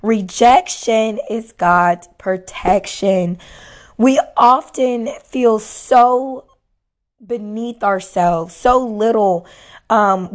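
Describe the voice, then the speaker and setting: A woman whose voice is hoarse and worn offers casual faith-based encouragement to viewers, repeating her key lines for emphasis. A faith-based motivational speaker, she talks at medium pitch with a slightly mellow tone.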